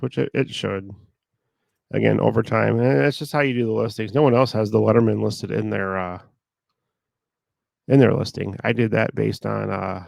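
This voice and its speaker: Gravelly low man, monotone and rambling. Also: no room sound. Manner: rambling, talks while working on a computer. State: sore throat. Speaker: online reseller. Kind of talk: casual talk while working.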